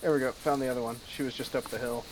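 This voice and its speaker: Relaxed man on a hissy mic. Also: mid-range voice, very fast, rough recording. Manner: relaxed, laughs easily, many fillers. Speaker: guest player. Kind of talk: casual gameplay chat. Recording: hissy mic with background noise.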